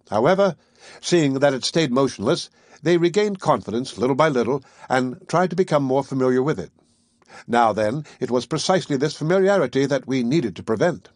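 A man reading a classic novel aloud in a measured first-person storytelling manner. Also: medium pitch, no echo, clean studio sound. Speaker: audiobook narrator. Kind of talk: scripted audiobook narration.

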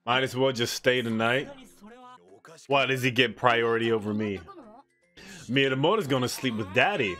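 A man hosting an anime reaction channel, talking in slangy, excitable casual commentary and laughing often. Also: medium pitch, moderate pace, soft background music.

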